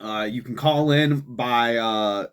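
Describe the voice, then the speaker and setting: A man's voice: mid-range voice, takes it slowly, smooth. A young man hosting a commentary show, ranting angrily and swearing constantly, with frequent "man" and "dude" fillers. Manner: profane, heated, swearing constantly. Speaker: host of a political commentary show.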